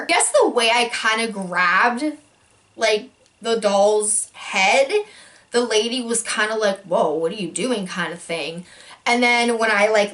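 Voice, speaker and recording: A young woman telling a casual storytime vlog, full of likes and ums, jumping into high voices when she acts out quotes. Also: a bit bright. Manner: filler-heavy, many likes and ums.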